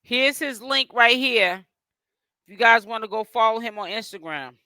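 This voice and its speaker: Boston-raised male streamer, bright forceful tone, talks straight to the chat. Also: very high voice, moderate pace, clear, resonant tone, no echo. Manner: chatty, addresses chat and guests directly. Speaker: livestream host. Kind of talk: casual livestream chat.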